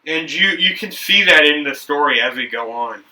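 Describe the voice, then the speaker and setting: A man's voice: on the high side, expressive, moderate pace, pushed and bright, recorded from a distance, poor audio. A young man hosting a building video, chatting casually and rambling with frequent restarts and self-corrections. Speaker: brick builder and video host. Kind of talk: casual talk while building.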